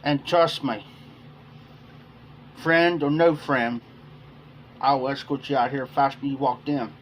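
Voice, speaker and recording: This livestream host speaks unhurriedly with a medium pitch and fairly even intonation, rambling through a long story for his chat. He repeats "I said" throughout the casual retelling, and there's slight background noise.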